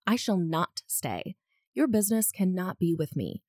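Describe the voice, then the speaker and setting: A woman's voice: lowish voice, big pitch swings, unhurried, a little mellow, dry recording, clean studio sound. A woman reading as a firm, composed young lady. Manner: crisp, firm period-novel reading.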